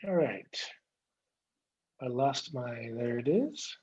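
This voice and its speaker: Guy drilling english pronunciation over a video call, slow and encouraging, kinda muffled. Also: mid-range voice, expressive, a little mellow. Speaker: English coach giving a speech. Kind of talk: online English pronunciation lesson.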